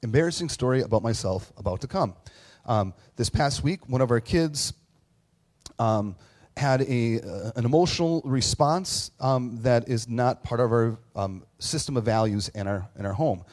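A man's voice: mid-range voice, moderate pace, a little mellow. A man preaching a conversational sermon as a pastor, candid and self-deprecating, telling stories with plenty of fillers and restarts. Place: church with online audience.

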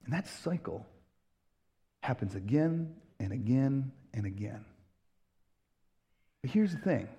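A man's voice: medium pitch, lively intonation, slow pace, pauses often, mellow, husky. A man hosting a podcast, delivering an earnest, emphatic preaching-style monologue and acting out quoted voices. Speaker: podcast host, pastor.

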